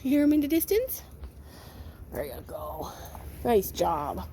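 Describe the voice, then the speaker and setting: A woman dog breeder casually talking outdoors in a backyard, slipping into squeaky sing-song baby talk for her puppies. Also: very animated, a little slow, mellow. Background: faint outdoor noise with distant fireworks.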